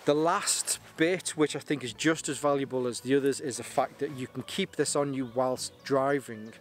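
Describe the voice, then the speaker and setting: A man's voice: medium pitch, moderate pace. A man giving a chatty, rambling product review to camera outdoors, often repeating words as he restarts his sentences. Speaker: gear reviewer and brand ambassador.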